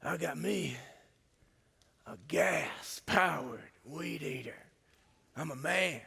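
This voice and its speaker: A gruff, swaggering braggart, put on by a preacher telling a story, boasting in a voice pushed well below his own. He sounds low and puffed-up. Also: takes it slowly, crowd noise, heavily acted. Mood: boastful. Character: boastful man bragging about his manliness.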